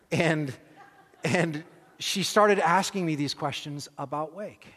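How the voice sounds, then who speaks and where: A man preaching, telling a personal story with animated, self-deprecating humor and acting out scenes. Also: a little high, in a large hall, slight background noise. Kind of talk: sermon storytelling.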